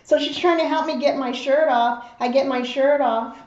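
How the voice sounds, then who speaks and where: Mom telling a story while she eats, does all the voices, kinda high voice, echoey room. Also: moderate pace. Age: adult mother. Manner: animated storyteller who acts out the voices in her story. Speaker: mukbang host. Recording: roomy, slightly dull home recording.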